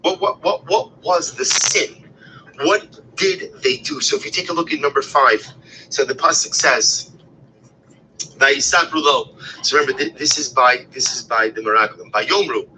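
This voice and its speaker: A man teaching a text-based Torah class, talking expressively, often repeating phrases and asking rhetorical questions, and sometimes dropping to a hushed whisper. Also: medium pitch, normal speed, slight background noise, rough recording. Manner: expressive, shifts between loud emphasis and hushed whispers.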